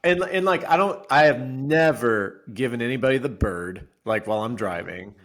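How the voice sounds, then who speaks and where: Animated man telling a story. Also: medium pitch, moderate pace. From Florida resident. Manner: animated storyteller, acts out quotes loudly. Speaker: podcast co-host. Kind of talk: casual podcast chat.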